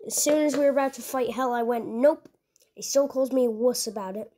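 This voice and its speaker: A woman's voice: fairly high pitch, a little fast, dark tone, natural voice. A woman voicing a laid-back male restaurant manager who talks casually and rambles with fillers.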